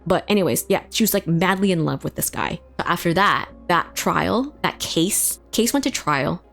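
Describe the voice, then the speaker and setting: A woman's voice: lowish voice, animated, moderate pace, vocal fry, fairly bright tone, soft background music. A woman vlogger telling a personal story in a casual, emotional way, full of fillers and swearing.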